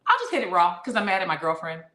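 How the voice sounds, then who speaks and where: A woman's voice: fairly low pitch, huge pitch swings, fairly bright tone, slight background noise. Woman podcast host reading comments. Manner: reads listener comments aloud, quick joking reactions. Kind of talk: casual podcast chat. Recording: roomy echo.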